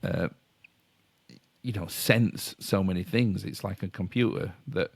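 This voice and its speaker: Low-voiced Yorkshire man, rambling. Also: measured pace, vocal fry, slightly rough. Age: middle-aged. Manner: rambling, self-interrupting, chuckling explainer. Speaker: podcast co-host. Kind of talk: casual chat.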